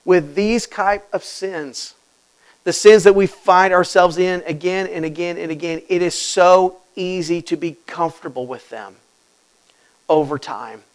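Male pastor, high voice, dynamic sermon delivery, quiet to urgent, rhetorical questions. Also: unhurried, rough recording. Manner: swings from quiet intimacy to loud urgent preaching; acts out quoted voices and asks rhetorical questions.

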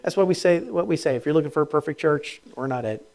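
A man preaching a sermon, moving from quiet, intimate lines to loud, emphatic peaks, laughing between phrases. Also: on the high side, fast talker. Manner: swings from hushed to loud, rising emphatic preaching; laughs between phrases, speaks in quoted inner voices. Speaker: pastor.

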